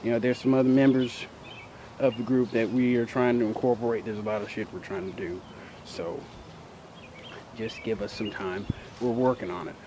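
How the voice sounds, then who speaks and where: A man closing his vlog in a casual, profane, laid-back way, his voice trailing off softly at the ends of phrases. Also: lowish voice, fairly even intonation, moderate pace, pauses often. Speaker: vlogger. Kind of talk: casual outro to viewers. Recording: noisy outdoor audio with birds and insects.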